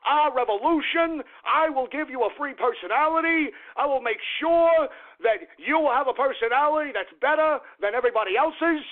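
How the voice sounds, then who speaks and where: A man impersonating an old male politician making campaign promises, on phone-like radio audio. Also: very high voice. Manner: stumping, promising.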